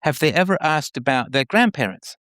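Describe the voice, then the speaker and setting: A man's voice: on the high side, fairly quick, no room sound. A man hosting a call-in show, talking frankly and probing the caller. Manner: frank, probing, lively delivery.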